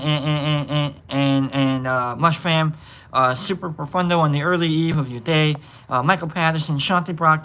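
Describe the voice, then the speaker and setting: A man with a bright, somewhat high voice hosts a casual livestream from an indoor room. He rambles affectionately through goodbyes, full of fillers and little jokes. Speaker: livestream host. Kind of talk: casual livestream sign-off reading chat names.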